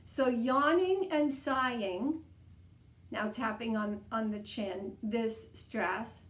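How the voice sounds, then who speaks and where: A woman leading a guided tapping session, coaching calmly and repeating each step. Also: a little high, takes it slowly. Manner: calm, repetitive, coaching tone. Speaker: EFT tapping practitioner. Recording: echoey room.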